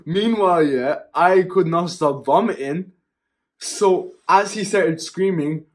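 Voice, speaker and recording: A young man vlogging, telling a story in casual, animated speech, often laughing and tacking on "yeah?" and "right?". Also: a little high, normal speed.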